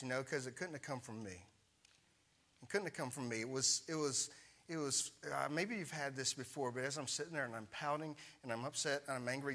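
Bright-voiced man preaching a story. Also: on the high side. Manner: conversational storytelling preacher, asks the congregation questions. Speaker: pastor. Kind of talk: sermon.

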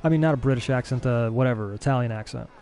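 Young guy streaming a game, gets worked up, mellow voice, music playing. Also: mid-range voice, rapid-fire. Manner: excitable, frustrated, swears mildly. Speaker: gaming streamer. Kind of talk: casual let's-play commentary.

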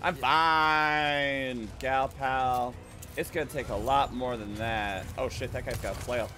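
Guy streaming a game, joking n swearing, bright voice, slow easy talk, yelps way up high sometimes. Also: steady tone. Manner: joking and swearing, with sudden high-pitched outbursts. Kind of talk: casual gameplay commentary.

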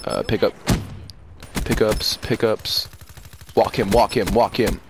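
A teenage boy commenting on his own gameplay for a video channel, excitable, laughing and yelling at the game. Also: fairly low pitch, slow pace, noisy background. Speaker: gaming YouTuber.

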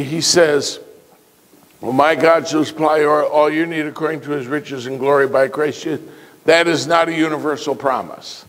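A male pastor preaching a sermon, emphatic and fond of rhetorical questions. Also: fairly high pitch. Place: church sanctuary. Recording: church hall reverb.

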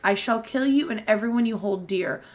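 A woman's voice: medium pitch, fairly quick, lightly acted. A woman reading a cold, menacing lawman's threats aloud from a romance book.

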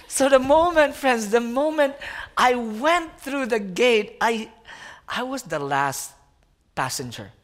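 A young man, preaching as a guest speaker and telling a personal story in an animated way, often calling his listeners friends. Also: very high voice, unhurried. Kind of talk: sermon storytelling.

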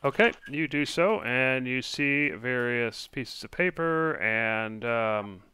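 A man's voice: medium pitch, animated, takes it slowly, sharp tone, clean tone, no room sound. A man narrating a tabletop game as game master, hesitant and full of fillers, over online voice chat.

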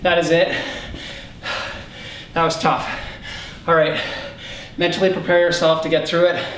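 A man's voice: fairly high pitch, level tone, a little slow, a bit bright, roomy sound, slight background noise. A male fitness instructor coaching a home workout, counting reps aloud and calling out short commands.

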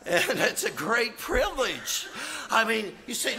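A man preaching as an evangelist, animated, acting out quotes in his sermon. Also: very high voice, measured pace.

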